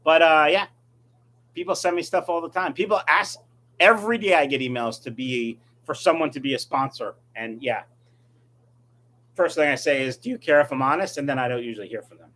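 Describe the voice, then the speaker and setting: A man's voice: a little high, a little fast, bright, forceful tone. A middle-aged man chatting casually on a live stream, reading viewer comments and rambling through his answers. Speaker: fish-breeding YouTuber answering live chat.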